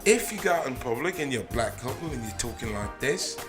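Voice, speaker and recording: A man's voice: mid-range voice, lively intonation, brisk, music in the background. A man hosting a podcast in casual chat, joking and swearing, now and then slipping into put-on British accents. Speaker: podcast host.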